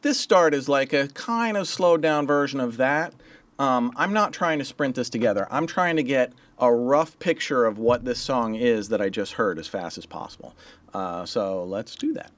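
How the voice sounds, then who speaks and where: Man, mixing engineer, casual livestream teaching, slangy and loose, dry close sound, mid-pitched voice. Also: animated, moderate pace, fairly bright tone, no room sound. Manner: loose and chatty, with slang and swearing.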